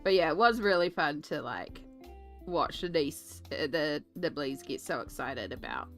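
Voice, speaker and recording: A woman's voice: low voice, lively intonation, a little slow, a bit bright, soft background music. Chatty Australian woman streaming art. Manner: chatty, laughing, mimics sarcastic adult tones. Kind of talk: casual chat while colouring.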